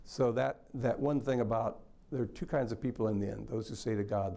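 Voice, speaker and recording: Gravelly, mellow male scholar. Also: lowish voice, little pitch movement, fairly quick, hardly any pauses. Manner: thoughtful, explanatory, with ums. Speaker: literature scholar. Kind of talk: lecture-style talk.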